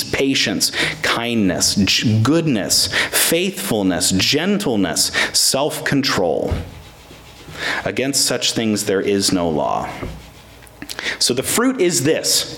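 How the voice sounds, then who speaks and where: A male pastor with a mid-range, slightly bright voice preaches to his congregation, and there's a little hiss or hum in the recording. His sermon is emphatic, full of rhetorical questions and restarted words, and he speaks to members by name.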